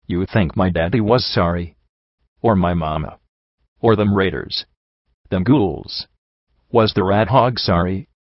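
A man's voice: sits low, unhurried, pauses often, no echo. A man voicing a bitter, injured young female pony who talks in blunt, folksy backwoods grammar, in a dull, slightly muffled recording.

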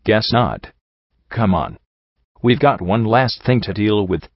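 A man's voice: fairly low pitch, takes it slowly, no echo, lo-fi sound. A man doing a blunt, weary stallion. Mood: wry. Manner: blunt, dry. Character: blunt, weary male pony companion.

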